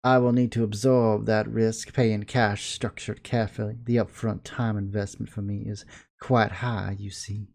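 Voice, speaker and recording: A man with a Southern accent voicing a stern, formal male school official who speaks in a measured, composed way. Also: lowish voice, flat delivery, vocal fry, darkish tone. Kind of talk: video game dialogue reading.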